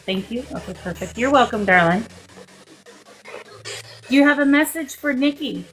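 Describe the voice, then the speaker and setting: A woman's voice: fairly high pitch, animated, normal speed, a bit bright, slight background noise, poor audio. Woman medium coaxing spirits on a live stream. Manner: coaxing, affectionate, talks to spirits with endearments. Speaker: psychic medium host. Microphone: phone.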